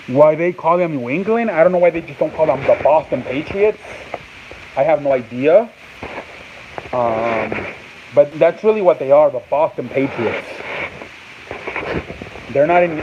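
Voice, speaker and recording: A man's voice: on the high side, lo-fi sound, background noise. A man hosting a casual sports talk show, rambling and restarting his sentences and answering people off-mic. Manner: rambling, repeats himself, restarts often; answers off-mic chat and reads live comments.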